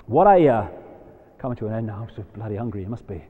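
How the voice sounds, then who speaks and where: A man giving a live talk to an audience, animated and shifting between quiet asides and loud emphatic points. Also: on the low side, fast. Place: large hall, live audience. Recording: dull lo-fi live hall recording with long reverb.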